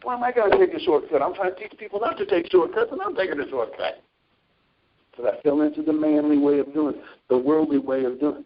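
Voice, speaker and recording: A man's voice: on the high side, brisk, lo-fi sound. A man preaching informally on a Christian talk show, telling stories from his own life and reading scripture. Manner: animated storytelling with scripture readings.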